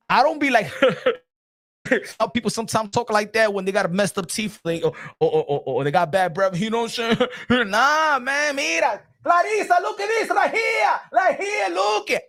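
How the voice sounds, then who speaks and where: A man giving casual livestream commentary, animated and rambling, with frequent restarts, laughs and bursts of shouting. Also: extremely high pitch. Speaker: boxing commentary streamer.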